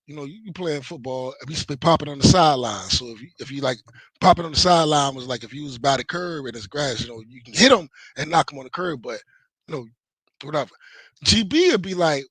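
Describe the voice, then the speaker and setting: A man's voice: medium pitch, expressive, brisk, a bit bright, no echo, poor audio. A man telling long, rambling stories in casual, profane chat, with many fillers and restarts. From Virginia, US. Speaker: show co-host.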